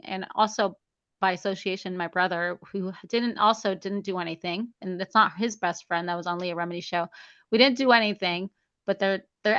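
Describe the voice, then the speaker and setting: Woman guest, bright and crisp voice, chatty storyteller acting out quotes, dry dull lo-fi audio. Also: medium pitch, no room sound. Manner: chatty, acts out quoted dialogue, many "like"s. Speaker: guest, memoir author. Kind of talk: casual interview storytelling.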